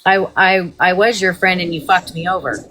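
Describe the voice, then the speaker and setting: A woman's voice: lowish voice, normal speed, fairly bright tone, a little hiss or hum. A woman hosting a livestream, in a heated, profane and rambling rant. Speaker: livestream host.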